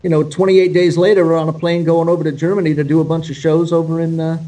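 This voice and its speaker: A male guest guitarist telling stories in a casual, animated, profane way, acting out the dialogue he quotes. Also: a little high, fast talker, far from the mic, poor audio. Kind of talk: casual storytelling.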